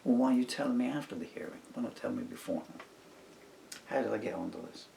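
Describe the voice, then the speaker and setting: Man, middle-aged, low gravelly voice, rambling musing monologue, distant mic with faint hiss. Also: quick pace, mellow. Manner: musing, digressive, talks to himself. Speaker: songwriter. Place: home room at a table.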